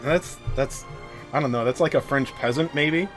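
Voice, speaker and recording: Streamer guy reading a game story, swears a lot, jokes about himself, middle pitch. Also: brisk, faint music behind. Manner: swearing, joking, self-deprecating, easily sidetracked. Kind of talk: casual live-stream chat, reading a game story aloud.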